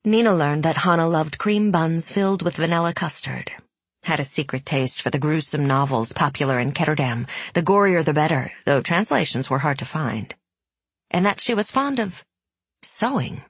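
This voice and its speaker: A woman narrating an audiobook in a measured, even storytelling manner, recorded close to the mic. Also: low voice, husky, no echo. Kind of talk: scripted narration.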